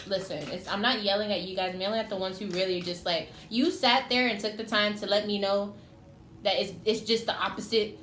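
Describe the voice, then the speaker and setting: A woman's voice: medium pitch, quick pace, a bit bright. A woman giving a casual tarot reading, chatty and teasing, talking straight to the signs she reads for. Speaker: tarot reader. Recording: echoey room with faint noise.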